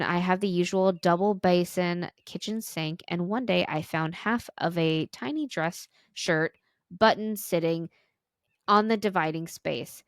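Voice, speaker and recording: A woman's voice: on the low side, no echo, studio quality. A woman podcast co-host reading a listener's story aloud, with small stumbles and restarts.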